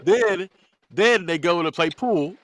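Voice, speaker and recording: A man hosting a podcast, recapping a movie in an animated, casual way with frequent laughs. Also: high voice, takes it slowly, noisy background. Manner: animated storytelling, laughs often. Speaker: podcast host.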